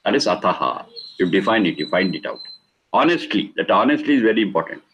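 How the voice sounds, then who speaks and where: A man's voice: low voice, sing-song, fast talker, fairly bright tone, rough recording. Emphatic man teaching Vedic ethics. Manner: emphatic, repeating key words, explaining Sanskrit terms. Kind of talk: spiritual discourse.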